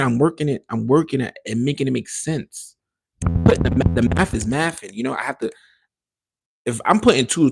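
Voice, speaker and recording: Man, gravelly voice, medium pitch, casual livestream chat, emphatic, rambling, slangy. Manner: rambling, emphatic, frequent restarts; slangy and profane. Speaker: podcast host.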